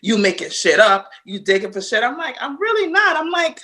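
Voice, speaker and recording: A woman guest on a casual podcast telling a story, animated and profane, acting out both sides of the conversation. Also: a little high, brisk, a crowd in the background.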